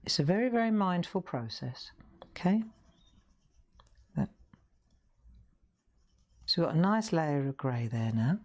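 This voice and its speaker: Woman, deep voice, encouraging, live colouring tutorial host. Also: big pitch swings, unhurried, long pauses, a little mellow. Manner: chatty, encouraging, talks straight to viewers. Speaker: craft show host.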